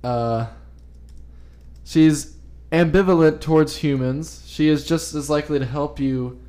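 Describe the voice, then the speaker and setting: A man's voice: fairly high pitch, unhurried, darkish tone. A man co-hosting a podcast, reading folklore notes in a loose, joking way with lots of fillers and laughs. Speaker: podcast co-host. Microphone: phone.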